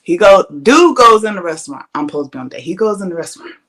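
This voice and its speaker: A woman podcast host telling a story in a casual, lively way. She swears freely and breaks into laughs often. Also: fairly low pitch, fast. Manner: animated, profane, laughs often.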